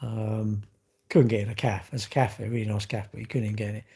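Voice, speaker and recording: Husky middle-aged man chatting live. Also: lowish voice, little pitch movement, fast, mellow. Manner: rambling, opinionated, answers chat comments. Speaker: livestream host. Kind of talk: casual live-stream chat.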